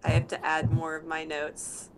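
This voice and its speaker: A woman's voice: deep voice, completely flat delivery, moderate pace, a little hiss or hum. A woman guest in a casual chat, agreeing and chiming in.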